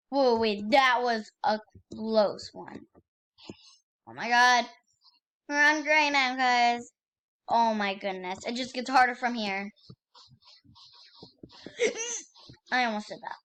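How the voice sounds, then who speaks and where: A young woman with a high, bright voice chats through her gameplay on her channel. She talks casually and excitably, piles on fillers and repeats the same exclamations again and again. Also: clear, resonant tone. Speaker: gaming YouTuber.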